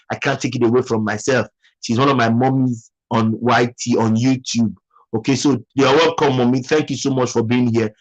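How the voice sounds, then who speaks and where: Reading out comments from his viewers, a Nigerian livestream host keeps things chatty and teasing, often repeating phrases. His voice is mid-range, and the audio quality is poor.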